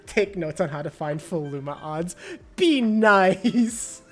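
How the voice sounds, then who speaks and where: A woman streaming a game live, chatting to her viewers and breaking into excited squeals and laughter. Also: mid-range voice, drawn-out words, breathy edge. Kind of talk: live gameplay stream chat.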